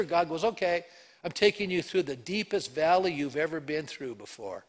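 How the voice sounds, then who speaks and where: A man preaching a sermon with a fairly high voice. He talks to the congregation in a conversational way and slips into the quoted voices with lively changes. He comes across as an engaged pastor in full flow. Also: fairly quick.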